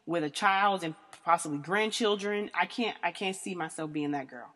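A woman's voice: medium pitch, a little fast, hardly any pauses, a bit bright. A woman in her thirties hosting a podcast, telling a story in a blunt, crude, laughing way. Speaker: podcast host. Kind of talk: candid storytelling. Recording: long reverb.

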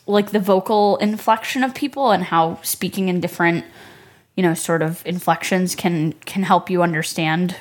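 A young woman co-hosting a podcast, chatting enthusiastically with frequent pauses to find her words. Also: fairly low pitch, fairly even intonation. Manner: enthusiastic, hesitant with fillers. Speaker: podcast co-host. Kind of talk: casual chat.

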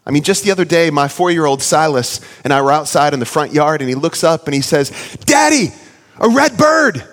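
A man in his thirties preaching a sermon, earnest and storytelling, sometimes playfully animated. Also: a little high, fast, big-room sound. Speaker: pastor.

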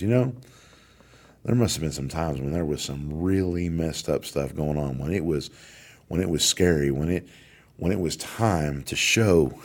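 Very deep-voiced man giving a pep talk. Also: a little mellow. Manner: emphatic, repeats key phrases. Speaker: podcast host, corrections warden. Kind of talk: motivational talk.

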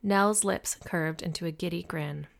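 Gravelly, low-voiced woman narrating. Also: unhurried. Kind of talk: first-person audiobook narration.

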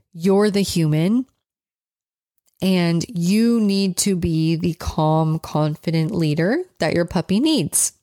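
A woman's voice: on the low side, a little mellow, no echo, clean studio sound. A woman dog trainer giving casual coaching advice, chatty and direct, often checking in with "right?". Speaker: dog trainer, podcast host.

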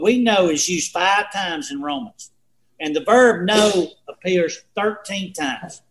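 Guy in his 60s, folksy bible study teacher, kinda high voice, roomy echo. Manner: folksy, rambling storyteller. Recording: echoey room.

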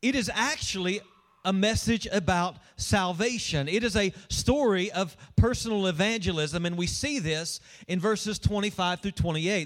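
High-voiced man preaching a sermon. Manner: emphatic preaching, reads scripture aloud to the congregation. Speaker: pastor.

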